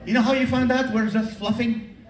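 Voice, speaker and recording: A man doing stand-up comedy, teasing the audience in an animated way, recorded live from the crowd. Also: extremely high pitch, a little fast, far from the mic, noisy background. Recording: echoey hall taped from the audience. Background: audience laughter.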